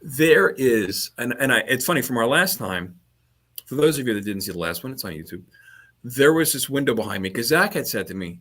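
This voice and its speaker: A man's voice: medium pitch, big pitch swings, a little fast, a bit bright. A man, talking as a guest HVAC trainer in a casual podcast chat over a video call, rambling and restarting his sentences. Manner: rambling, repeats words and restarts often.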